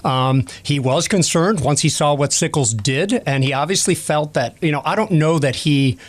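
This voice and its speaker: Slightly high-voiced man, guest expert, rambling and self-correcting. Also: moderate pace. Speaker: guest historian. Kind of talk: casual expert Q&A.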